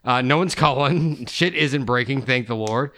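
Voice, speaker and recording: A man's voice: medium pitch, moderate pace, sharp tone. A man in his thirties hosting a podcast, telling rambling, profane stories in casual chat. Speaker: podcast host.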